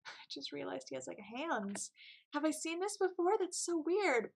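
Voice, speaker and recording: Chatty, self-mocking woman for game commentary, high voice, faint music. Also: very animated, moderate pace, vocal fry. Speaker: let's play host.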